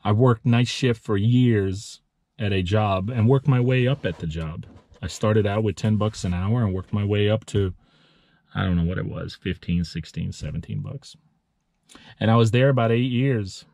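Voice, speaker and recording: A man in his thirties who owns a lawn care business, giving a heartfelt motivational vlog talk, earnest and emotional, halting and restarting as he speaks. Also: on the low side, creaky, a little mellow. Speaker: lawn care business owner and channel host.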